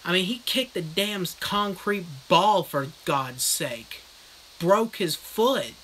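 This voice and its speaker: A man's voice: high-pitched, lively intonation, slow pace, pushed and bright, a little hiss or hum, rough recording. A man casually recapping a book in a comic, rambling, crude manner as a live streaming reviewer.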